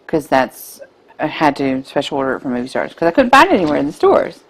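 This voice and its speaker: A woman in her thirties co-hosting a podcast, chatting casually and gushing with excitement about films she loves. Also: deep voice, quick pace. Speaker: podcast co-host. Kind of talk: casual chat.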